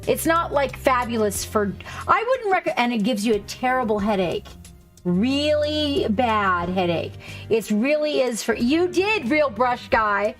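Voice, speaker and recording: A woman's voice: on the high side, expressive, measured pace, soft background music. A woman from Hawaii chatting casually with her stream viewers while she paints, rambling, swearing and joking.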